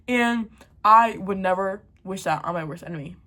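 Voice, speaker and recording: A woman's voice: medium pitch, moderate pace, bright, forceful tone. A teenage girl chatting casually to her viewers, ranting animatedly about books and laughing through a storytime. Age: teens. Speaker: book vlogger.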